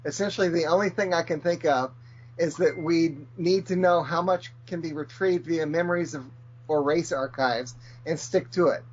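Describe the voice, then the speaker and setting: A man co-hosting a podcast, reading listener feedback aloud in a steady, measured way. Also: on the high side, breathy edge. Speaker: podcast co-host. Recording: slightly dull audio.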